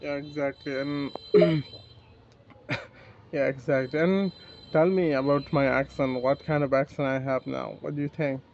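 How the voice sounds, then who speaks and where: A man with a Bangladeshi accent practicing English in a casual chat, speaking haltingly with broken grammar and restarts. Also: mid-range voice, fairly even intonation, gravelly, lo-fi sound, slight background noise. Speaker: English learner.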